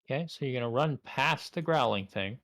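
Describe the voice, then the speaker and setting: Male game master, mid-pitched, dry close sound, casual and salty delivery. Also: animated, a little fast, a bit bright, no echo. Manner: casual, profane narration. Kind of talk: narrating a tabletop game.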